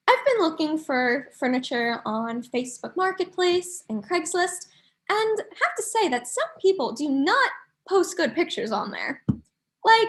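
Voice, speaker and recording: A woman doing an online stand-up comedy set from New York, chatty and observational with quick asides. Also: extremely high pitch, very animated, fairly bright tone.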